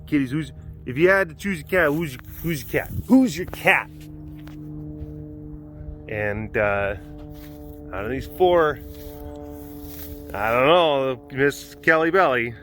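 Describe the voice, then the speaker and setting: A man's voice: medium pitch, lively intonation, a little slow, pauses often, a bit bright, faint music behind. A man hosting a casual vlog at an outdoor animal compound, chatting playfully and cooing baby talk at the cats. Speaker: host.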